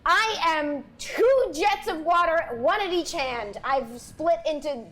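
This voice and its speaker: A woman playing a tabletop game, loud and excitable, often shouting in character and laughing. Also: very high-pitched, takes it slowly, slight background noise.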